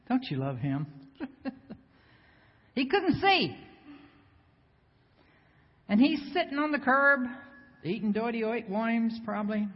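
Woman preaching in an echoey hall. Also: medium pitch. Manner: lively, banters with the congregation, asks rhetorical questions. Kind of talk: sermon. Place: church sanctuary before a congregation. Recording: echoey hall, slightly dull sound.

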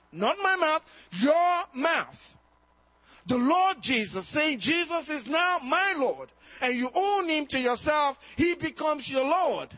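A man with a very high voice preaches a sermon, driving each point home through repetition and rhetorical questions. He keeps calling out "amen?" to the congregation. The recording sounds dull and lo-fi. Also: no echo. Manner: emphatic preaching with repetition and call-and-response "amen?". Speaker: pastor. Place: church service.

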